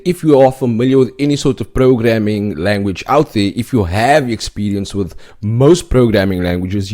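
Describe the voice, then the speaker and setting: A man with a fairly low voice walks through a coding tutorial. He explains each step plainly and keeps checking in with a quick "okay?". He sounds like a teacher working through a lesson. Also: darkish tone. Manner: explanatory, often tags points with "okay?". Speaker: web development instructor. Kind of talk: scripted tutorial narration.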